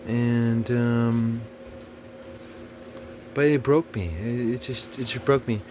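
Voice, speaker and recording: A man with a steady, medium-pitched voice slowly tells a personal story over background noise. His casual monologue rambles, with frequent swearing and stumbling through fillers and restarts.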